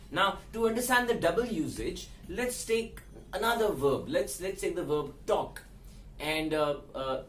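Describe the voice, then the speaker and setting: A man teaching English grammar, explaining slowly with frequent fillers and repeated words. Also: a little high, far from the mic, slight background noise. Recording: echoey room, set back from mic.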